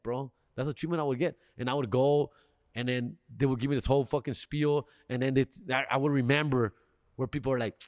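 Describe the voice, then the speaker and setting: A man's voice: medium pitch, fairly even intonation, no room sound, studio quality. A man, a comedian telling a rambling story on his podcast, dropping Spanish slang and acting out the salesmen. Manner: mixes Spanish slang into English, acts out the salesmen in quick voices.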